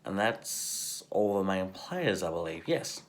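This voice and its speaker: A man hosting a casual movie review video, chatty and enthusiastic with halting pauses. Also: low-pitched, big pitch swings.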